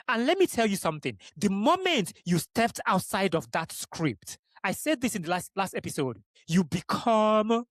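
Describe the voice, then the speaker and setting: A high-pitched young Nigerian man from the Igbo region runs a podcast solo, addressing listeners directly in an emphatic, blunt manner and swearing frequently. The recording is dry and studio quality.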